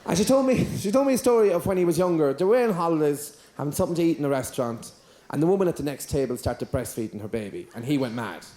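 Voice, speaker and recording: A man doing a stand-up routine, telling a long story in a deadpan style. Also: on the high side, quick pace. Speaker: stand-up comedian.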